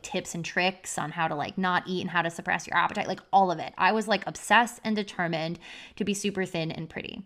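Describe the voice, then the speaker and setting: A woman's voice: fairly low pitch, fairly bright tone. A young adult woman telling a personal story on a podcast, candid and confessional, with "like" as a constant filler. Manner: confessional, heavy use of "like" as filler. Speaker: podcast speaker.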